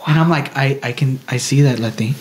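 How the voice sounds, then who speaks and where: This podcast co-host has a medium-pitched voice and talks a little fast. Chatting casually, he tells an animated story full of swearing and acted-out quotes.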